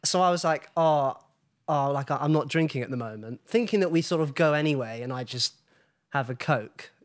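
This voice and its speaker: A chatty young man rambling through anecdotes with little laughs and lots of "like" and "um". His mid-pitched voice sounds dry and close, with no room around it. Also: animated, a little fast, no room sound. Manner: chatty storyteller, giggly, lots of fillers. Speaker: podcast guest. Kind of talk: casual chat.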